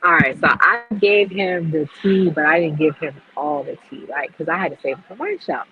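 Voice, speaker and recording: A woman's voice: sits low, moderate pace, phone-quality sound, a little hiss or hum. A woman hosting a podcast, telling what she saw in a chatty, gossipy way. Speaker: podcast host. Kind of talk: casual podcast chat.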